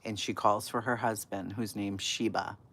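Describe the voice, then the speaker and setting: Animated, swearing woman telling stories. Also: very deep voice, moderate pace, breathy edge, no room sound. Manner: animated, profane, laughs often, swings from loud to hushed. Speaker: livestream host. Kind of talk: casual storytelling to a live chat.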